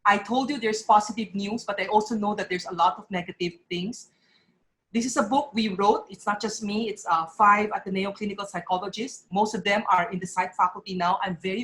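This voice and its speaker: A woman's voice: mid-range voice, fairly bright tone, poor audio. Earnest woman giving a heartfelt talk. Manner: earnest and emotional, voice breaking at times. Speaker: speaker at a parents' forum. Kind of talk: emotional public talk.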